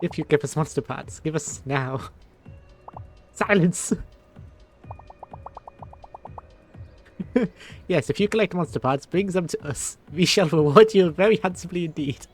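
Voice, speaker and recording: A man's voice: a little high, expressive, takes it slowly, pauses often, soft background music. A man voicing grand, shady male monster creatures in a vague put-on foreign accent, drawn out and theatrical. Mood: grandiose.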